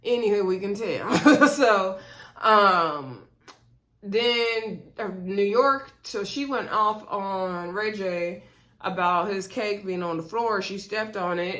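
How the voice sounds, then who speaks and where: A woman's voice: mid-range voice, a bit bright. A woman in her thirties casually recapping a reality show, gossipy, with laughing asides and lots of fillers. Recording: echoey room.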